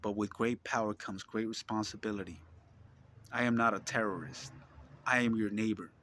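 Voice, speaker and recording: A man's voice: on the low side, fairly even intonation, normal speed, fairly bright tone, a little hiss or hum. Blunt, profane man preaching to camera. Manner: asks listeners for agreement. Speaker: vlogger. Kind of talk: impassioned religious monologue.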